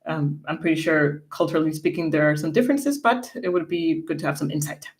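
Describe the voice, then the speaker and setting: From a home setup, a woman co-hosts a casual livestream, chatting and reading viewers' comments aloud in a low, brisk voice.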